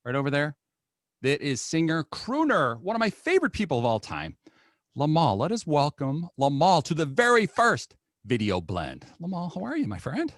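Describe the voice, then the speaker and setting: Give me an enthusiastic American man hosting a casual video-call interview, with a pitch that swings up and down a lot and a dry, close sound. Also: huge pitch swings, normal speed, dry recording. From United States. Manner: upbeat, playful, enthusiastic. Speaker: host.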